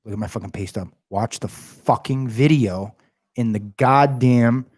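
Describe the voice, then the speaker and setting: A man telling a story as a podcast guest, loud, slangy and full of swearing. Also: medium pitch, unhurried, husky, no echo, studio quality. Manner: loud, heavily profane, fired-up storytelling; slangy, calls listeners bro and dude. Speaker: podcast guest, realty company head. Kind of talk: casual storytelling chat.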